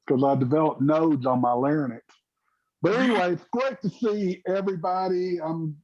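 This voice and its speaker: A man's voice: a little high, darkish tone, no room sound. Chatty man on a dull video call. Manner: chatty storyteller, laughs often. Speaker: former cast member. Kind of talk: casual reminiscing on a video call. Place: home, mountain town.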